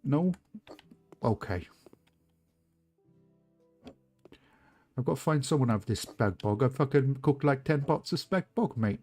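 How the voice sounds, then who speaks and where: A man's voice: mid-range voice, lively intonation, moderate pace, darkish tone, soft background music, pitched above the performer's own voice, lightly acted. A man putting on a brash mock-Welsh chatter. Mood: boisterous. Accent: exaggerated Welsh. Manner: boisterous, slangy, mocking. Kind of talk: put-on voice while gaming on stream.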